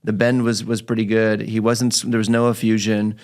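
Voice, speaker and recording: A man with a fairly low voice tells a story from his clinic in relaxed podcast chat. He slips into his patient's voice for quoted lines and keeps the telling lively. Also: normal speed. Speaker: physical therapist podcast host.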